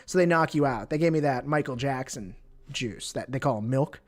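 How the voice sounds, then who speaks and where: A man's voice: medium pitch, normal speed. A man hosting a livestream, joking crudely in casual chat with lots of restarts. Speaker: livestream host.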